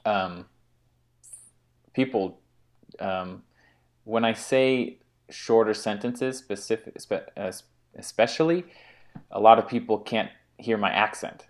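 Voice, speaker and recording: A man with a fairly low voice co-hosts a relaxed conversation. He talks in a halting way, stopping and restarting sentences and leaning on fillers. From United States. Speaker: co-host. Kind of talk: casual conversational chat.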